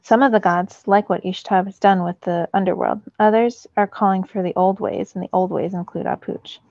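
A woman reading as an ancient stern storm god, gravelly. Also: mid-range voice, fairly even intonation, moderate pace, darkish tone, dry recording, muffled recording, natural voice. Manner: grave, commanding.

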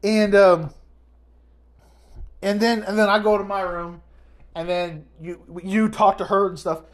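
A woman's voice: medium pitch, unhurried. Rambling woman telling a family story. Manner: rambling, animated, restarts often. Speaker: podcast host. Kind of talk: casual storytelling chat.

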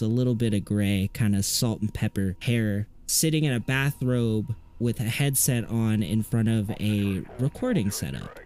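A man narrating a tabletop game as game master, in a relaxed, descriptive way. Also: on the low side, moderate pace.

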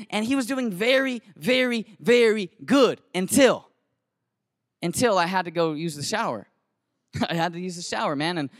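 A man who teaches, telling a story to an audience in an animated, slangy, conversational way with lots of restarts. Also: sits high, dry recording, clean studio sound. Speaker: teacher and camp cabin leader.

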